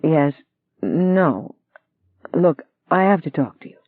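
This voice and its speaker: A reader voicing an evasive young man, speaking low and defensively. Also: very animated, takes it slowly, no room sound, exaggerated voice. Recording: dry tinny phone-like sound.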